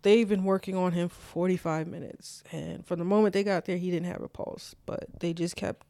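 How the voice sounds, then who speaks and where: Young adult, casual storytelling, lots of "like" fillers, mid pitch, dry close sound. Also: fairly even intonation, fairly quick, vocal fry, dark tone, dry recording. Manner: loose, filler-heavy speech with many "like"s. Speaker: guest telling a personal story.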